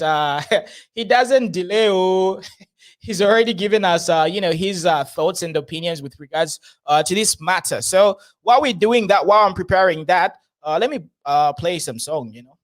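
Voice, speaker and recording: High-voiced man commenting. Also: moderate pace. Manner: chatty, laughs often. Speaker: host. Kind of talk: casual political commentary.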